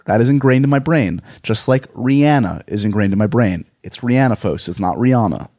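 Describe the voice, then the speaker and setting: A New York man with a somewhat low voice talks casually as a podcast host. He rambles and pokes fun at himself in a loose, chatty monologue. The sound is dry, with no room echo. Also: fairly quick, darkish tone. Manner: rambling, self-deprecating, chatty.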